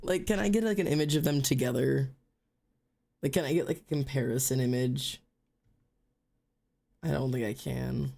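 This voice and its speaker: A woman's voice: a bass voice, normal speed, creaky, long pauses, dark tone. A woman streamer chatting casually, ranting and swearing, with dramatic wails of mock despair. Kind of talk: casual live-stream chat.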